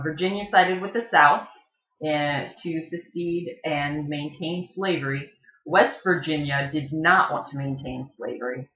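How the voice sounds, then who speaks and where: A speaker giving a casual educational explanation, thinking aloud with frequent ums and uhs. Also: medium pitch. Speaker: online explainer. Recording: echoey room, slightly dull lo-fi sound.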